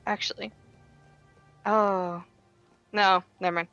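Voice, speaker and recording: A woman playing a tabletop game, narrating her character with quick, tentative asides. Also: mid-range voice, little pitch movement, fairly bright tone, dry recording, faint music behind. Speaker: player. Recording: dull lo-fi sound.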